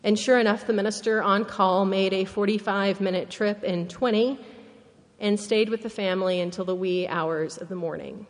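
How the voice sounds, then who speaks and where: A woman minister preaching a sermon, telling a story slowly and earnestly, dropping to a hushed, solemn tone. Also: mid-range voice, fairly even intonation, big-room sound. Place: church sanctuary.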